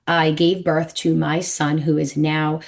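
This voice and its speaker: Brief: New York woman, forties, numerologist podcast guest, lowish voice, emphatic storyteller. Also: measured pace, creaky. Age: 40s. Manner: animated, emphatic, acts out quoted voices.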